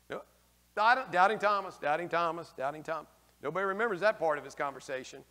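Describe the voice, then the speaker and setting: Animated priest with a bright voice in a reverberant church. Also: male voice, on the high side, fast talker. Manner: animated, acts out the figures in raised voices; folksy, slangy asides. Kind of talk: lively homily with questions from the congregation.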